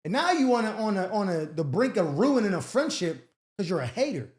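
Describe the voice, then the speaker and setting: A man's voice: sits high, sing-song, a little fast. Male advice host, blunt and mocking, slangy casual delivery in an echoey room. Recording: roomy echo.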